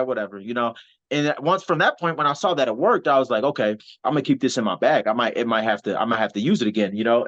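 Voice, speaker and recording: A man telling an animated, rambling story as a guest, full of fillers and quick restarts. His voice sits at a middle pitch. The recording is a little dull and lo-fi. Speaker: wrestler and soldier, podcast guest. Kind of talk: casual interview storytelling. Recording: slightly dull, lo-fi audio.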